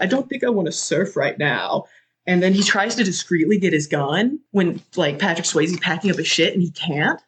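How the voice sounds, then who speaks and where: Rich: A podcast host recounts a film scene in relaxed, chatty talk. The delivery is animated and full of fillers, with casual swearing and a mid-range pitch. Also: slight background noise.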